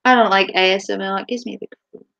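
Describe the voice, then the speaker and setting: A woman's voice: medium pitch, fairly even intonation, quick pace, creaky, fairly bright tone, muffled recording. A woman chatting casually on her live stream, giggling often and swearing freely. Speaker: livestreamer.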